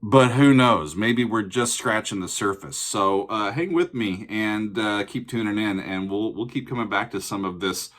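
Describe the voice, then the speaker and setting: A man's voice: on the low side, normal speed, few pauses, fairly bright tone. A man hosting a music reaction video, talking casually with rambling, amused, self-deprecating comments.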